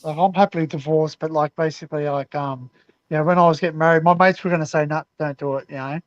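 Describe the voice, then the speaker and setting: A high-voiced man chatting casually and jokily with friends. His audio comes through dull and muffled over the stream, and the sound is dry and close. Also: steady tone, fast, no echo. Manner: jokey, rambling. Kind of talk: casual chat.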